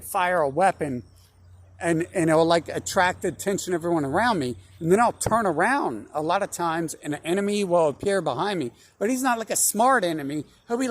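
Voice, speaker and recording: A man's voice: fairly high pitch, slight background noise. A young man talking in a long, rambling monologue, full of fillers, restarts and swearing. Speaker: channel host.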